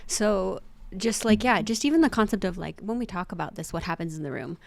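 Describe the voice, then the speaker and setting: A woman speaking as a podcast guest, talking calmly and gently with frequent soft affirmations. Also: medium pitch, fairly quick, creaky, no room sound. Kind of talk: casual conversation.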